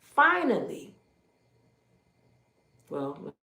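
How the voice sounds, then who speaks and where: A woman in her fifties telling her life story as a testimony, acting out the voices of others and swinging from loud exclamations to hushed asides. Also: low voice, extremely slow, gravelly. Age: 50s. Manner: animated, acts out others' voices in quotes. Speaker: YouTube storyteller. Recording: roomy echo.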